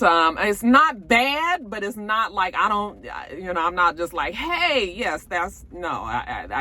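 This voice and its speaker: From her home, a woman hosts a gossip show, chatting casually and rambling on to viewers she calls "you guys," with lots of filler words. Her voice is fairly low in pitch and a bit bright.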